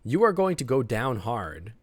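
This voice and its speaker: A man reading the lines of an eerie old woman fortune teller in a game, slow, low and hushed. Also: sing-song, husky. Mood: ominous.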